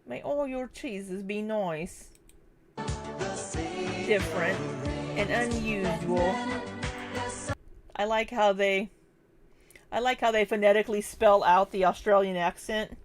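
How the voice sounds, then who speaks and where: A woman's voice: medium pitch, slow pace, pauses often, faint music behind. A woman vlogger chatting casually as she reacts to clips, laughing often.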